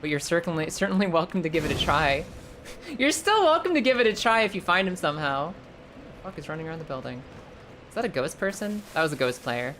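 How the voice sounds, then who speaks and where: Low, lively woman streamer, swearing freely. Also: fast, slight background noise. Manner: animated, swears freely, jumps into squeals when startled. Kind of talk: casual live game commentary and chat.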